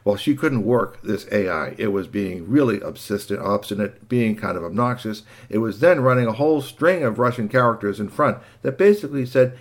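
A man narrating a children's story in an animated way, adding sound effects and asides. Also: on the low side, a little fast, few pauses.

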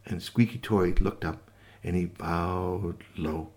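A man telling a made-up bedtime story to children, gentle and animated, adding sound effects and voices. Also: deep voice, takes it slowly.

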